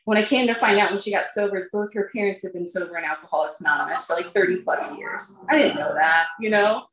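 A woman's voice: mid-range voice, fast talker, fairly bright tone. Candid woman sharing her recovery story. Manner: candid, chatty, lots of fillers; laughs at herself. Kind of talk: personal recovery testimony to a group. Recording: roomy echo.

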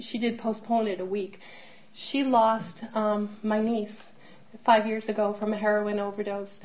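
A woman's voice: medium pitch, dull audio. A middle-aged woman telling her personal recovery story, candid and conversational, with many fillers and restarts. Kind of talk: personal testimony talk.

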